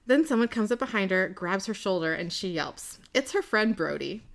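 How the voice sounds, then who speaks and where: A woman's voice: medium pitch, lively intonation, normal speed, gravelly. A woman co-hosting a podcast, recapping an episode in casual chat and laughing often. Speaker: podcast co-host.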